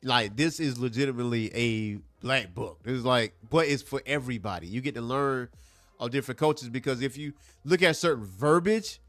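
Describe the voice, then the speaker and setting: A man hosting a casual comic book review, talking in an animated, emphatic way and repeating points for effect. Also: medium pitch, fairly quick, no room sound. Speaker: comic book show host.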